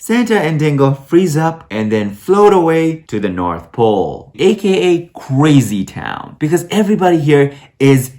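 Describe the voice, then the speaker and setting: A man's voice: on the high side, big pitch swings, measured pace, few pauses, darkish tone. A man hosting a sarcastic, comedic review of a movie, full of mock enthusiasm.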